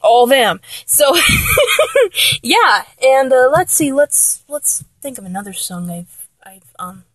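Excitable rambling woman, slow and close. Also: sits high, slightly rough, no echo. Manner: excitable, rambling, many ums and restarts, laughs often; sings snatches of songs badly. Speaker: music fan talking to viewers. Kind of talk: casual rambling chat.

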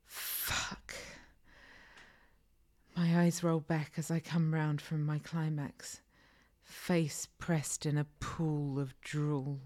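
Low, slow, breathy woman storyteller. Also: flat delivery, warm tone. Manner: slow, breathy, often half-whispered. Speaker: narrator. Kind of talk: intimate first-person erotic audio story.

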